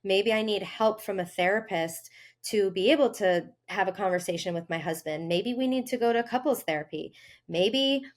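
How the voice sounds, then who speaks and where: A woman hosting a health podcast, talking earnestly in a casual monologue and acting out inner voices with sudden lifts in pitch. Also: normal speed. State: briefly tearful. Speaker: health coach and podcast host.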